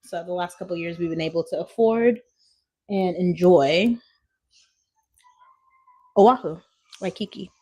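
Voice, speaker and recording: A woman's voice: fairly low pitch, a little slow, long pauses, warm tone. Woman, 30s, from Washington State; casual phone live-stream host, chatty, reads comments, laughs easily. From Washington State, USA.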